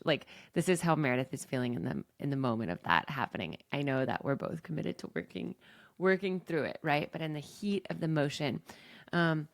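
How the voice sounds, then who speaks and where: A woman's voice: low voice, animated, brisk, no echo. A woman podcast host and coach, talking candidly and reflectively about her own experiences in a personal monologue.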